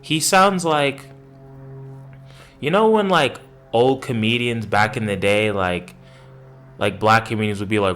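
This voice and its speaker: Male sports podcast host, lowish voice, profane and exasperated, loose rambling rant. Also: unhurried, a bit bright, soft background music. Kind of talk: casual sports commentary rant.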